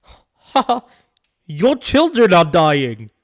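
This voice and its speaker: A man's voice: high voice, huge pitch swings, extremely slow, voice pushed up, heavily acted. A man putting on a mocking British accent, playing a condescending British man. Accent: put-on British. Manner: sneering, condescending.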